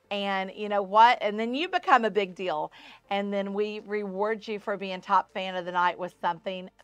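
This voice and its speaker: A woman's voice: mid-range voice, a bit bright, smooth, dry recording. A woman hosting a live home shopping show, chatting with viewers by name and running through sale details in upbeat patter.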